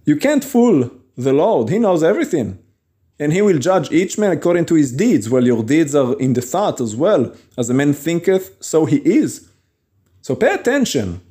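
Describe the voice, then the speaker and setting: An earnest man delivers a sermon with emphatic conviction, now and then laughing briefly and acting out little quoted exchanges. His voice sits a touch high for a man and swings widely in pitch. The tone is mellow rather than bright. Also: big pitch swings. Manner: earnest, emphatic, with quick chuckles and acted quotes. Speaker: preacher. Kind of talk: podcast sermon.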